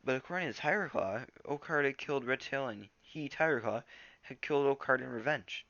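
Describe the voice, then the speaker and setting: A man's voice: mid-range voice, brisk, a bit bright, no room sound, highs cut off. A man reading a storybook aloud in a casual way, stumbling over words now and then. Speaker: reader.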